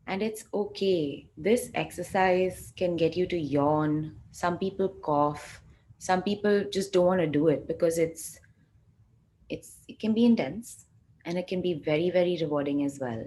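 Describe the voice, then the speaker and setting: A woman leading a group video call, guiding a relaxed exercise with loose, chatty phrasing and drawn-out soft instructions. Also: lowish voice. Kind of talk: guided energy exercise, casual.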